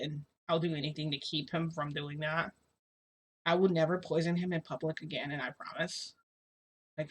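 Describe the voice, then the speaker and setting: A woman's voice: low-pitched, slightly rough. A woman vlogger casually retelling a story in a rambling way, full of fillers. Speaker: shifting vlogger.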